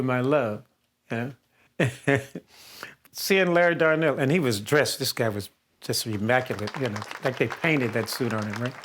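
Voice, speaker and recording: A man's voice: medium pitch, slight background noise. An older man from the Detroit area, a singer being interviewed, telling anecdotes with frequent chuckles. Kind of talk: storytelling interview.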